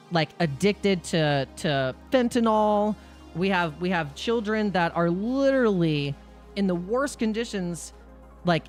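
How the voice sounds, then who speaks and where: A man hosting a crypto live stream, talking in an excitable, rambling rant full of restarts. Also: high voice.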